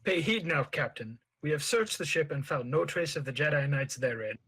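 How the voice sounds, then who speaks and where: A man's voice: fairly high pitch, lively intonation, normal speed, pushed and bright, slightly rough, full character voice. A man reading a scheming male alien viceroy's lines in commanding Shakespearean verse. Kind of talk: table read in Shakespearean verse.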